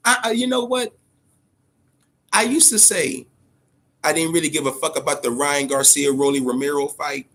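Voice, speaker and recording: A man hosting a boxing talk show, giving casual, profane commentary in an animated way, often repeating words and tagging on "man" and "all right?". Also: a little high, normal speed, long pauses. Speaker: boxing podcast host.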